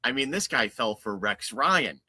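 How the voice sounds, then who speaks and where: Man in casual podcast chat, wry joking, very bright forceful tone, animated pitch. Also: measured pace, breathy edge.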